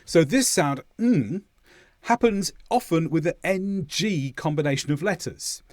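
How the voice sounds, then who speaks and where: A man from southern England with a Southern English accent, teaching English pronunciation and exaggerating each sound slowly as he demonstrates it. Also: fairly high pitch, dry recording, studio quality. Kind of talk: pronunciation lesson.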